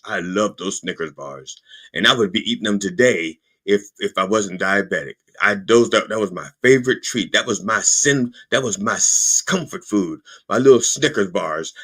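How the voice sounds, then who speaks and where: Husky, lively-voiced man riffing profanely. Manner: rambling, profane, jokey asides; puts on high mocking voices when quoting. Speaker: podcast host. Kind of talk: comedic political monologue.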